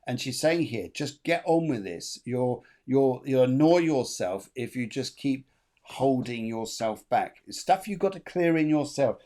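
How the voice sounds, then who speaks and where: A man runs a live spiritual reading in a chatty, rambling way. He repeats himself often and breaks into laughs between phrases. His pitch sits in an ordinary middle range for a man. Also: lively intonation, a little slow, dark tone. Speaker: medium, show host.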